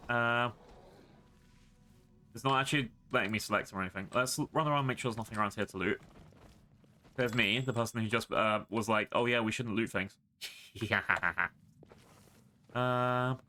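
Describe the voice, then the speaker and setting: A man's voice: mid-range voice, normal speed, long pauses, bright, forceful tone. A man streaming a fantasy role-playing game, chatting casually with lots of fillers. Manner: rambling, filler-heavy. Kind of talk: casual gameplay commentary.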